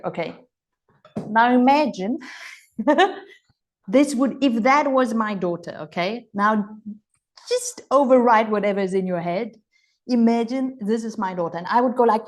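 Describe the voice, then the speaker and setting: Woman, upbeat online mentor, exclamatory and playful. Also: medium pitch. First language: German. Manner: enthusiastic, exclamatory, acts out gushing voices. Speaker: healing and money mentor. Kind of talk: live online coaching session.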